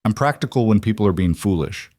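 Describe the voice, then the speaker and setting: A man voicing a kind young frontier woman who speaks gently but firmly, reassuring a frightened family. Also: lowish voice, animated, fast, no room sound, studio quality.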